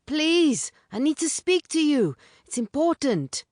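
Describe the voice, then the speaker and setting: A woman's voice: deep voice, expressive, normal speed, dry recording, clean studio sound. A woman voicing a tired man who sighs and calls out pleadingly to a hidden friend in an audiobook. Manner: sighing, pleading shouts. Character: weary man calling out for a friend.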